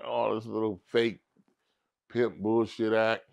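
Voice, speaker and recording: Gravelly-voiced man telling a wild story. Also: unhurried. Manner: animated storyteller who acts out others in high squeaky voices. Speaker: comedian guest. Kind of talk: casual storytelling interview.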